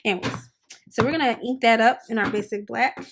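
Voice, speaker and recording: A woman's voice: on the high side, brisk, noisy background. A woman hosting a crafting tutorial, chatting upbeat and casual while she works with her hands. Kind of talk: casual how-to demonstration.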